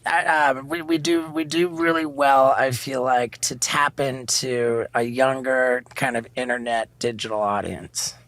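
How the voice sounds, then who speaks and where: A bright, forward-sounding middle-aged man hosts a podcast in easy casual chat. He stumbles, restarts and fills gaps with "uh" and "like" as he works toward his point. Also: medium pitch, fairly even intonation, no room sound. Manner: halting, many restarts and fillers. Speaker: podcast host.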